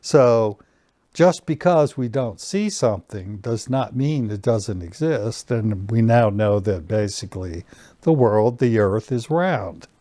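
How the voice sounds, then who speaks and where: A man teaching a personal growth lesson, giving slow, calm guiding instructions and leading breathing exercises. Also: on the low side, no echo.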